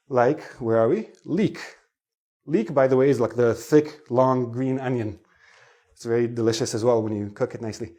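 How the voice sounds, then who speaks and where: A man's voice: medium pitch, normal speed, mellow. A man teaching an English pronunciation lesson online, explaining in a chatty way and asking his viewers questions.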